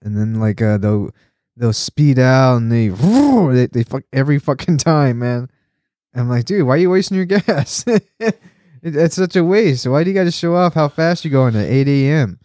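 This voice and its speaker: A man's voice: medium pitch, lively intonation, moderate pace, dark tone, no room sound, clean studio sound. A man hosting a casual podcast chat, rambling and swearing a lot, laughing often and getting worked up when he complains. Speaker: podcast host.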